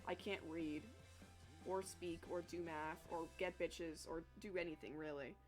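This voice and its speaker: A woman's voice: deep voice, fairly even intonation, measured pace, faint music behind. A young woman chatting casually with her live chat while she draws, talkative and self-deprecating, swearing freely. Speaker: streamer drawing live.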